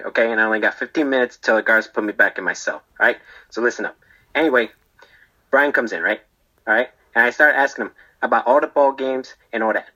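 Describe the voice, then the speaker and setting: A man's voice: mid-range voice, sharp tone, rough recording. A man playing a rambling jailed barber. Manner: rambling, tags lines with "okay?" and "right?". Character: rambling defensive male barber in prison. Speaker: storyteller being interviewed. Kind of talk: comedic character monologue.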